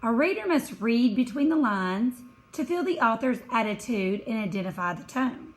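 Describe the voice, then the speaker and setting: Slow, high-voiced woman teaching. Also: low-quality recording. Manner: slow, careful explaining with small self-corrections. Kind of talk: recorded classroom lesson over slides.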